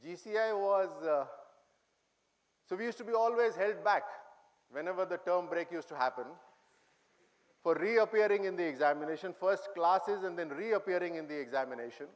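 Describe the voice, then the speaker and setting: Addressing cadets in an auditorium, a middle-aged man with an Indian English accent gives an anecdotal speech as a guest speaker. His voice sits high at normal speed, and he reminisces with humor and quizzes the audience.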